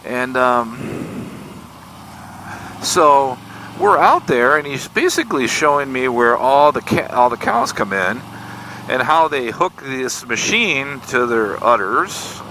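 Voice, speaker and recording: Riding his motorcycle on country roads, a Michigan vlogger of about sixty slowly tells an embarrassing story in a folksy, self-deprecating way, animatedly replaying the dialogue. His voice is medium-pitched, and the rough recording carries faint road and vehicle noise.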